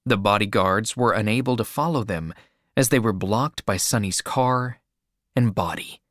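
A man reading a novel aloud as a narrator in a measured, even storytelling delivery. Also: fairly low pitch, dry recording, studio quality. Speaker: audiobook narrator. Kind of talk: scripted narration.

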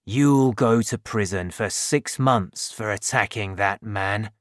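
A man's voice: lowish voice, slow pace, a bit bright, no room sound, clean studio sound. A man voicing a stern police officer in an audiobook, curt and commanding.

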